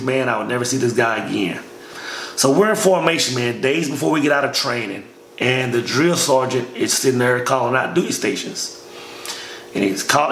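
This storyteller is a man with a creaky, mid-range voice recounting his army training at length. Laid-back and full of slang, he addresses the listener as "man" again and again, heard in an echoey space with faint noise.

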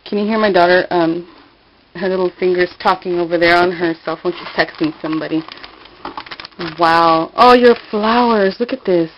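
Gushing, excitable woman opening a package. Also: lowish voice, normal speed, muffled recording, a little hiss or hum. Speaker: craft vlogger. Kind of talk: casual unboxing vlog. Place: home.

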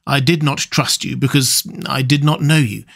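A man reading an audiobook, voicing a sober, sorrowful gentleman doctor in a measured, formal way. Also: mid-range voice, fairly even intonation, creaky. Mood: earnest.

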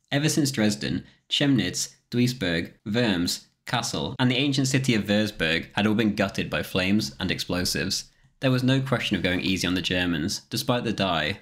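A man with a very low, deep voice narrates a scripted history documentary. His delivery is measured and steady, like a reader working through a prepared text. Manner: measured, reads quotations aloud with spoken quote marks.

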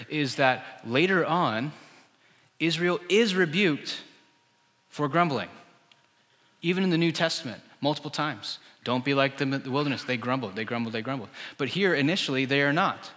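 A man's voice: fairly high pitch, expressive, normal speed, pushed and bright. A male pastor giving a sermon in a conversational style, full of rhetorical questions. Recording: church hall with long reverb.

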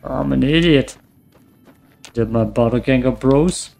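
A man casually commenting on his own gameplay, muttering to himself and swearing often, his voice getting hoarse. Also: mid-range voice, slow pace, a little mellow, faint music behind. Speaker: let's play gamer.

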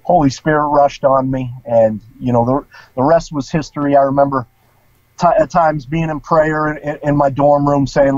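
The voice is a bit high and a little mellow, with a steady tone at normal speed. It belongs to a middle-aged ex-priest recounting his life in a casual, informal, emotional interview. The audio is dull lo-fi with no room sound.

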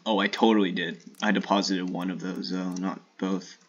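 A man streaming a shooter game in casual live commentary, swearing and trash-talking opponents with sudden excited outbursts. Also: sits low, normal speed, slightly rough, lo-fi sound.

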